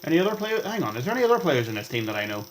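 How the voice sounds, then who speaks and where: A young man rambling through gameplay commentary as a vlogger, chatty and excitable, jumping between topics and reacting aloud to the game. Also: on the high side, racing, slight background noise. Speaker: gaming vlogger.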